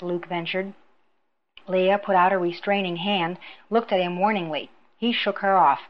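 Female narrator for a storybook reading; steady, even delivery; dull lo-fi sound. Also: mid-range voice, normal speed. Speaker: audiobook narrator. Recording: dull lo-fi recording.

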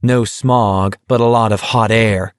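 A man's voice: lowish voice, fairly even intonation, a little slow, smooth, dry recording, clean studio sound, lightly acted. A man voicing a stubborn, touchy young man from a small town, speaking bluntly and dryly.

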